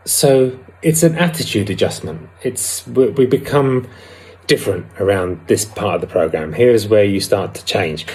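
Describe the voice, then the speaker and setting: A man giving a candid, reflective personal talk about a twelve-step recovery program, pausing now and then to find his words. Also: fairly low pitch, a little mellow, slightly rough. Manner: candid and reflective, with some hesitations. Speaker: recovery vlogger.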